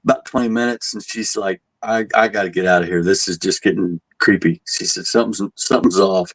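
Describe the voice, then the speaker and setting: A man's voice: low voice, steady tone, fairly quick, fairly bright tone, no echo, low-quality recording. A man working as a tour guide, telling a story casually and animatedly, acting out what people said and chuckling at his own jokes. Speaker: haunted asylum tour guide.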